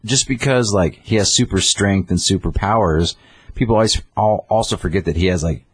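Low husky man in casual chat. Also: a little fast, no room sound. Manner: animated storytelling, acting out characters. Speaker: comic book podcast co-host.

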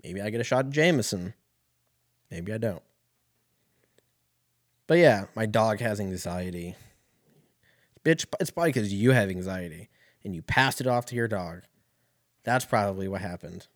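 A man's voice: on the low side, animated, normal speed, pauses often. A man delivering a heated, rambling comedic rant full of swearing as a solo podcast host.

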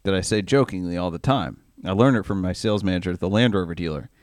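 Low-voiced man with wry asides. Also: fast talker, no echo, clean studio sound. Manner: brief wry interjections and joking asides. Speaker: podcast host. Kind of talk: casual chat.

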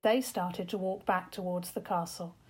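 A woman narrating a children's story aloud, gently and expressively. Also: on the low side, fairly even intonation, moderate pace, slightly rough.

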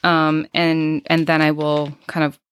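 A woman's voice: deep voice, monotone, unhurried, clear, resonant tone, no echo. A woman in her thirties hosting an unscripted podcast, talking reflectively and candidly, thinking aloud with many fillers and restarts, a little out of breath. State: slightly out of breath. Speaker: podcast host.

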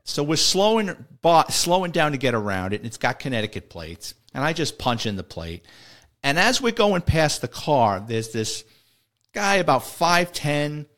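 Rambling New ex-cop storyteller. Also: male voice, fairly high pitch, very animated, moderate pace, a bit bright. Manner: rambling, restarts sentences, chuckles while telling. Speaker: retired police officer. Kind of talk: casual storytelling.

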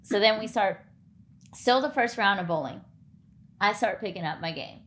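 A woman with a medium-pitched voice speaks at a moderate pace. She's a podcast co-host telling a story in casual conversation, animatedly acting out the lines of the people involved.

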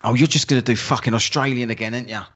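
A man co-hosting a podcast, chatting casually, excitable and swearing, often laughing. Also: medium pitch, rapid-fire, breathy edge, highs cut off. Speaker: podcast co-host. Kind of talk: casual banter.

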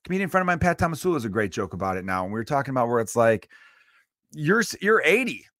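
A man from Chicago in his thirties rants alone on his podcast, swearing freely and turning preachy. His voice sits at an ordinary middle pitch. The sound is close and dry, with no room echo. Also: fast. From Chicago area. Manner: profane, preachy and animated. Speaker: podcast host. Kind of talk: solo podcast rant.

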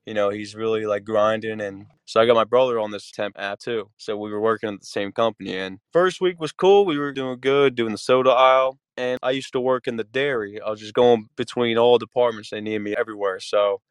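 A man in his thirties co-hosting a casual podcast, telling a work story in an animated way with plenty of swearing. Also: on the low side, brisk, few pauses, clean tone, dry recording. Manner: storytelling, animated retelling with curses. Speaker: podcast co-host. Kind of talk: casual chat.

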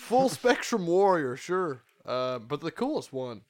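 A man's voice: a little high, sing-song, measured pace, a little mellow. A man in his twenties, a podcast co-host, chatting casually and swearing a lot. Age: 20s.

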